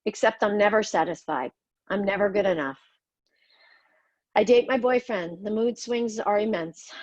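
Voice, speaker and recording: A middle-aged woman hosting a podcast tells her own life story at a moderate pace in a medium-pitched voice. Her memoir narration is somber and confessional, blunt, with some swearing. The recording has no echo and lacks high frequencies.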